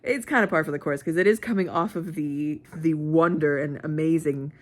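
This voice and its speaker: Chatty, expressive woman book vlogger. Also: sits low, normal speed. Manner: chatty and expressive, laughs often. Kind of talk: casual weekend vlog chat.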